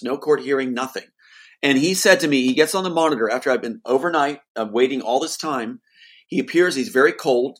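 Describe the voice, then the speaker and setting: A man's voice: mid-range voice, breathy edge. Insistent man telling his story. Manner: insistent, rising to pleading outbursts. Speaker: guest. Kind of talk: emotional personal account.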